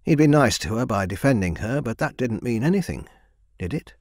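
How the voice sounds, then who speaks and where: A man reading a young adult fantasy audiobook in an even, measured scripted narration. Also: mid-range voice, no room sound, clean studio sound.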